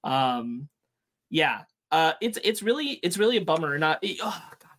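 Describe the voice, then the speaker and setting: A man's voice: on the high side, sing-song, normal speed, fairly bright tone. A man co-hosting a podcast, talking earnestly and bluntly, thinking aloud with fillers and the odd curse word. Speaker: podcast co-host. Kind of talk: casual podcast chat.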